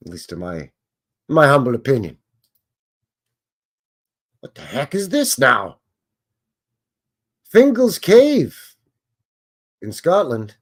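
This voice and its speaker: A man's voice: mid-range voice, huge pitch swings, a little slow, long pauses, fairly bright tone. A man hosting a live show, chatting casually and joking as he reacts to what he is looking at. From Canada. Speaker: host. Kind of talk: casual live commentary on old photos.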